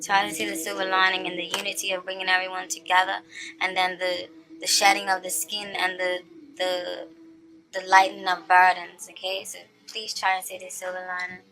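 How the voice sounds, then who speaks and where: Over faint music, a woman with a lowish voice reads tarot informally for her audience. She's lively and talkative, checks in frequently with "okay?", and drops her pace when driving a point home.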